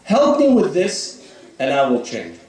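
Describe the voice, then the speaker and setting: A man's voice: on the high side, wildly swooping pitch, a little slow, darkish tone. A man voicing a desperate stranded man begging God for help within a sermon story. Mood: pleading. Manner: pleading, begging. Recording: echoey hall, speaker far from mic.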